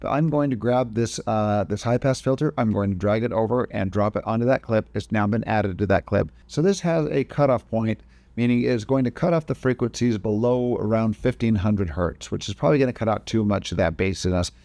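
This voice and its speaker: A man's voice: fairly low pitch, brisk, a little mellow, no room sound. A man teaching video editing in a casual, step-by-step screen-recorded tutorial, often correcting himself mid-sentence. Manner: casual step-by-step explaining, frequent self-corrections.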